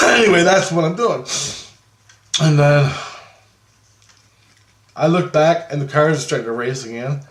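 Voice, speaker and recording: Man, slightly high voice, rambling profane storytelling, roomy echo. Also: measured pace, long pauses. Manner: profane, animated, laughs often. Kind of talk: rambling personal dream story.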